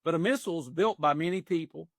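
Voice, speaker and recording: A man in his sixties with a somewhat high voice tells stories in a plain, earnest way, full of folksy turns of phrase. The sound is dry and close, with no room echo. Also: fast. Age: 60s. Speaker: executive coach. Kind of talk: podcast interview.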